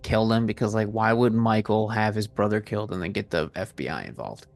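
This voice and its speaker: A man's voice: fairly low pitch, fairly quick, vocal fry. Young male podcast co-host, wry, casual chat, swears freely.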